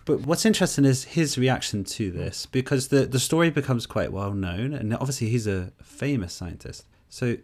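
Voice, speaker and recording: A man co-hosting a podcast, telling a story in a casual conversational way, with animated stops and restarts. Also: medium pitch, moderate pace, few pauses. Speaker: podcast co-host.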